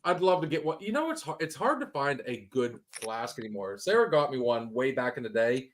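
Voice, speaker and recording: A man co-hosting a casual podcast chat, telling stories in an animated way and swearing freely. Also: medium pitch, a little fast, slight background noise. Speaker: podcast co-host.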